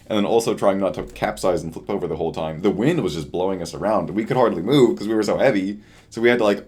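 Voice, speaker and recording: A young man with a very low, deep voice chats through a late-night video diary. He sounds tired and rambles, often trailing off with a shrug in his voice. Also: a little mellow. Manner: rambling, self-deprecating, trails off. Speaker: vlogger.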